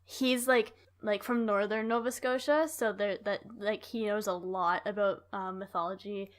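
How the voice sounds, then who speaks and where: A woman's voice: medium pitch, steady tone, normal speed. A woman co-hosting a podcast, telling a story in casual chat, rambling with lots of fillers and laughing often.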